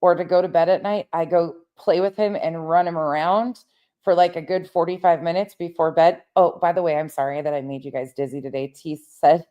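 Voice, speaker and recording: Low-voiced woman ranting on a livestream. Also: fairly even intonation, a little fast, warm tone, lo-fi sound. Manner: heated, swears often, talks straight to viewers; paces around while talking. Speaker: livestream host reading chat. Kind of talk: casual late-night livestream chat.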